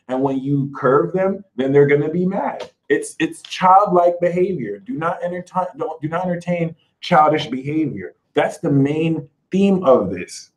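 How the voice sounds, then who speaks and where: A man's voice: fairly high pitch, rough recording. A man speaking as an astrology reader, giving spiritual advice in an emphatic, sassy way and mocking imagined critics in put-on voices.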